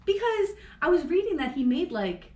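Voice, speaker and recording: A woman from Florida co-hosting a casual true-crime podcast, swearing freely and laughing through animated storytelling. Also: extremely high pitch, normal speed, echoey room, lo-fi sound. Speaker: podcast co-host.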